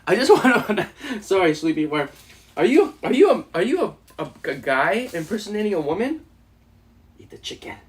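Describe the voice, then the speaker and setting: Male live streamer, casual and joking, with a lively, bouncy pitch. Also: brisk. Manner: animated, joking, laughing often. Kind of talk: casual live stream chat while eating.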